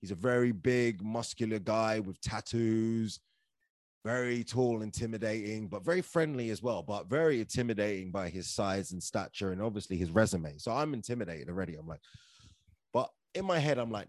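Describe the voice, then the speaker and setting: A man's voice: on the low side, fairly quick, no echo. Chatty man telling stories. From London, England. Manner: chatty, animated, filler-heavy with "like" and "right?". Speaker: podcast guest, actor and comedian. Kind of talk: casual storytelling.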